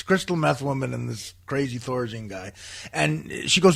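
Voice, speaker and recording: A man's voice: on the high side, brisk, creaky, a bit bright. A man who is a podcast guest, telling stories in a comic style that is profane and self-deprecating and full of laughter. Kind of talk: comic storytelling in a podcast interview.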